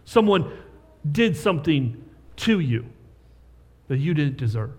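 A man's voice: a little high, big pitch swings, unhurried, darkish tone, husky, big-room sound. A man preaching a sermon as pastor, talking conversationally and checking in with rhetorical questions.

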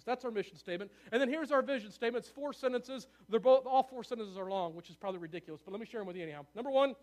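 In a church sanctuary, a man gives a fast-paced sermon with a notably high-pitched voice. Excitement builds visibly as he checks in with the congregation, seeking their agreement.

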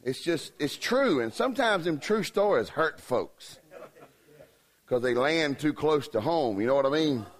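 Folksy preacher, higher voice. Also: male voice, lively intonation, measured pace. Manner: folksy, joking. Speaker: revival preacher. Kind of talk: humorous sermon storytelling.

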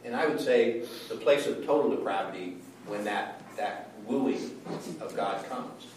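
A man's voice: medium pitch, measured pace, recorded from a distance, noisy background. A man teaching a Bible study in a conversational way, often checking in with his listeners. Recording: echoey room from afar.

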